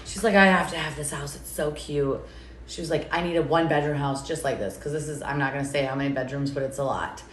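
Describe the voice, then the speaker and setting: Sarcastic woman, low voice, rambling live chat, echoey room, faint hum behind. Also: fast talker. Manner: sarcastic, rambling, swears freely. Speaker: TikTok creator. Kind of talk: casual live-stream chat.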